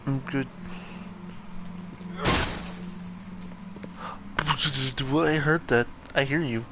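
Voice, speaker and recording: A man hosting a let's play, reacting out loud, swearing and muttering to himself as he plays. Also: medium pitch, fairly even intonation, slow, noisy background. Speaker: gaming channel host.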